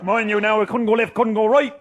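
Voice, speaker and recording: A man with a Newfoundland accent telling a comic tall tale, boisterous, often shouting and laughing mid-sentence. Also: high-pitched, flat delivery, quick pace. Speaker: comic storyteller.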